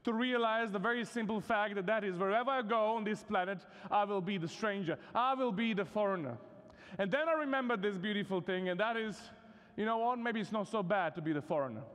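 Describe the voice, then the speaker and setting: A man's voice: high-pitched, a little fast, a bit bright. A man from Serbia with a Serbian accent, preaching a sermon in a conversational, humorous way with many casual fillers. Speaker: guest preacher. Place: chapel hall at a university vespers service. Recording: long reverb of a large hall.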